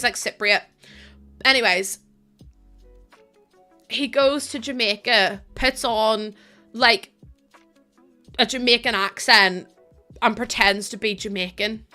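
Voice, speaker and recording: A young woman chats on a live stream in a bright, slightly high voice. She reads out messages, thanks followers and laughs easily. Faint music runs quietly underneath. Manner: chatty, laughs often, reads out and thanks chat. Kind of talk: casual live-stream chat.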